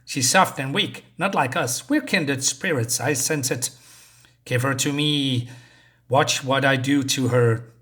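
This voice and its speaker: A man doing a slow, coaxing creepy stalker. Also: mid-range voice, fairly bright tone.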